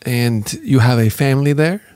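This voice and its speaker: A man's voice: mid-range voice, normal speed, darkish tone, no echo, studio quality. A man performing an improv comedy scene, playful and prone to laughing.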